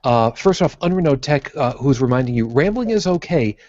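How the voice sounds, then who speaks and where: A man hosting a casual podcast chat who reads out viewer questions in a halting way, with many "uh" fillers. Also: medium pitch, animated, a little mellow, no echo. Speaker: podcast host. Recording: dry, dull lo-fi call audio.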